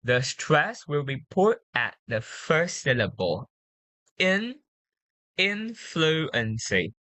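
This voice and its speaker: A woman tutoring English pronunciation, patiently drilling words slowly and repeating them. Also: very deep voice, sing-song, fairly bright tone, no echo. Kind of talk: one-on-one pronunciation coaching.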